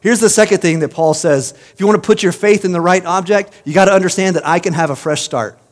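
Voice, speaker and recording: A man's voice: high voice, quick pace, big-room sound. A male pastor preaching a sermon, telling stories and building to emphatic, uplifting peaks.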